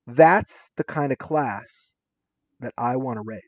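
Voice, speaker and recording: A man speaking as an interview guest, telling stories with lively acted-out quotes. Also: medium pitch, a little slow, no room sound, highs cut off. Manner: lively, acts out quotes with shifting voices. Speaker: interview guest, former teacher and administrator. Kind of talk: animated storytelling.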